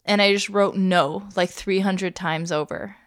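Speaking a little slowly, this thirty-something podcast co-host has a lowish voice and a steady tone. She shares stories in a chatty, casual manner, laughing readily, in a clean studio recording without room sound.

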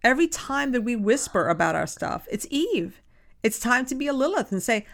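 A woman's voice: fairly high pitch, very animated, normal speed, vocal fry. A woman co-hosting a podcast in casual chat, speaking emphatically and acting out quotes. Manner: emphatic, acts out quotes in a hushed voice. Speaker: podcast co-host.

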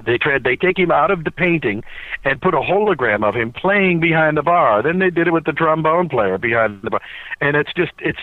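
A man telling a lively personal anecdote in a casual chat, often pausing with "uh". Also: fairly high pitch, dry recording. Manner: animated storyteller, frequent "uh" fillers. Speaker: podcast guest. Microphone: cell phone. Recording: tinny phone line.

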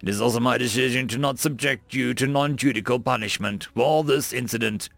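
A man's voice: mid-range voice, gravelly, a bit bright, dry recording. A man doing a stern Marine commander. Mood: formal. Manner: formal, measured orders.

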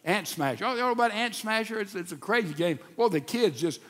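Older preacher with a high voice. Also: male voice, fast talker. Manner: folksy and animated, with stammered restarts. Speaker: pastor. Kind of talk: sermon. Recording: long reverb of a large hall.

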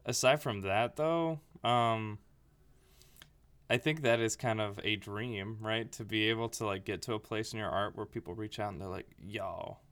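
Low smooth guy rambling on a podcast, acts out quotes a lot. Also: normal speed, fairly bright tone. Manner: rambling, chatty, quoting people in little acted voices. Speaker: podcast co-host. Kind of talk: casual chat.

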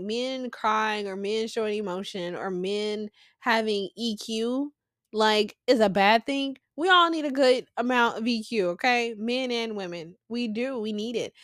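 A woman's voice: fairly high pitch, a bit bright, no room sound, clean studio sound. A young woman hosting a casual Bible study podcast, talking in an emphatic, conversational way with slangy asides. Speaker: podcast host.

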